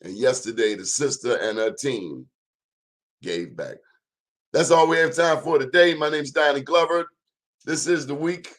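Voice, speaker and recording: Male talk-show host; blunt, sermon-style delivery. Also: mid-range voice. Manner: emphatic, sermon-like, plainspoken and blunt. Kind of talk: preachy talk-show monologue.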